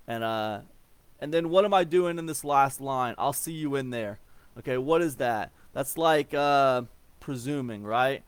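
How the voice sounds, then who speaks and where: With an animated, medium-pitched voice at a moderate pace, an Ohio man in his forties gives a casual, wandering rundown of email marketing, heavy on fillers, repeats, and restarts. The tone is clean and the recording dry.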